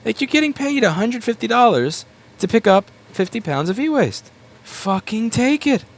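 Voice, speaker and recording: A man's voice: high-pitched, sing-song. A repair shop owner ranting bluntly and with plenty of swearing as he works at his bench. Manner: blunt and sweary, with quick mocking asides. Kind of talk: profane ranting while working.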